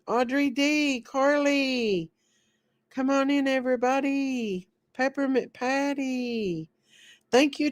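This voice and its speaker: A woman hosting a casual livestream while sick and short of breath, greeting viewers by name in slow, drawn-out, sing-song repeats. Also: on the high side, dry recording, studio quality. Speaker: livestream host.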